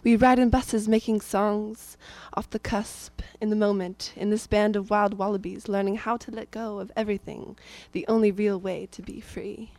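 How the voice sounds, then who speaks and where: A woman's voice: medium pitch, fairly even intonation, normal speed, few pauses, a little mellow, no echo. A woman from Northern California introduces herself and gives a rhythmic spoken-word poem reading at a live community gathering. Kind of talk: poetry reading then singing with guitar.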